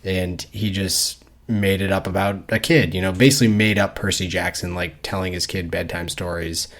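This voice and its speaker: A man with a very low voice chatting casually on a book-club podcast. He rambles through his thoughts, swears without a second thought and breaks into laughter now and then. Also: steady tone, moderate pace, fairly bright tone. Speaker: podcast co-host.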